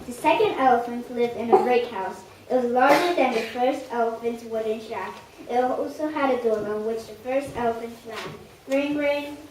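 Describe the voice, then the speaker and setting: A woman narrating a children's story aloud in an expressive read-aloud manner. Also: fairly high pitch, moderate pace. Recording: echoey room, distant mic, faint hiss.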